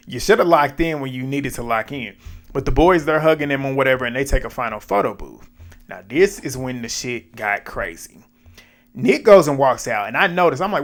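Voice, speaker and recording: A man recapping a reality show episode in casual, animated, profane talk, laughing and acting out his own reactions. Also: mid-range voice, normal speed.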